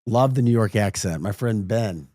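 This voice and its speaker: Man, St. Louis accent, casual radio chat, deepish voice, very dry studio mic, chatty. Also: moderate pace, dark tone, dry recording. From St. Louis area, Midwest. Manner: chatty, laughing at his own stories. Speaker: radio show host.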